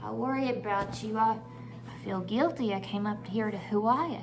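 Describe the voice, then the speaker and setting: A woman's voice: medium pitch, moderate pace, close to an everyday voice. A woman voicing a worried, affectionate older father who fusses over his sick daughter, on a noisy recording. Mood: doting. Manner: fussing, affectionate, sentimental. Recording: noisy background.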